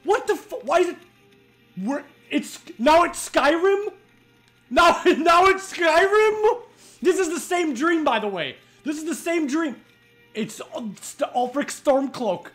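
Excitable swearing gaming streamer. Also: high-pitched, unhurried, faint music behind. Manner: excitable, swears a lot, laughs loudly. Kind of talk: let's play commentary.

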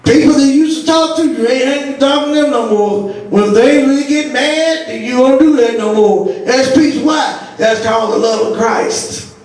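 A woman pastor preaching a sermon, telling stories with laughter and breaking into shouts. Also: high voice, normal speed. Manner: storytelling with laughter, rising to shouts. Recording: echoey church audio from far off.

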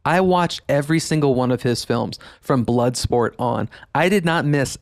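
A man's voice: mid-range voice, normal speed, vocal fry, no room sound, studio quality. A man, hosting a nostalgic podcast monologue, enthusiastic and emphatic, laughing often as he talks. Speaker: podcast host.

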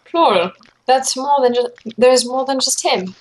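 A woman's voice: high voice, unhurried, poor audio. A woman voicing an eager, loyal young female sidekick in an amateur fanfic read-aloud, earnest and polite. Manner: earnest, calls her boss sir.

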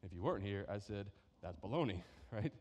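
A man's voice: fairly low pitch, expressive, quick pace, mellow, dull audio. A man preaching a sermon as pastor, in a conversational way that keeps checking in with "right?". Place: church sanctuary. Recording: echoey hall reverb.

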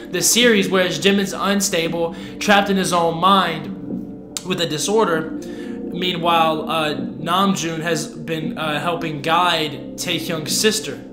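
A young man giving casual reaction commentary, excitable and gushing, with slangy talk that swings from hushed to loud. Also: high-pitched. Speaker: reaction video host. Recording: echoey room with music playing behind.

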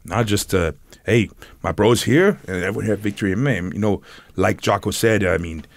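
A man's voice: fairly low pitch, dry recording. A man talking as a podcast guest, telling stories animatedly and laughing often in a studio. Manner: animated storyteller, quick to laugh. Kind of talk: casual chat.

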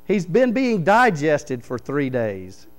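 Lively pastor preaching. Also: male voice, on the high side, takes it slowly, rough recording. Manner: animated storyteller, reads scripture aloud then explains it. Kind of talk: sermon. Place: church sanctuary.

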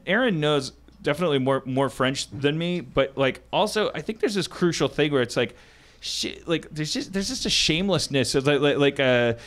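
A man's voice: mid-range voice, a bit bright. Rambling, stammering podcast host man. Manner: rambling, full of stammered restarts. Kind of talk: casual comedy chat.

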